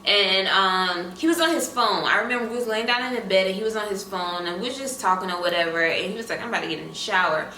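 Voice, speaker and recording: Bright-voiced young woman telling a story. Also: medium pitch, quick pace, few pauses. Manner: animated, talks straight to viewers with lots of asides. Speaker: vlogger. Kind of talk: casual storytime. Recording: echoey room, mic at a distance, faint room noise.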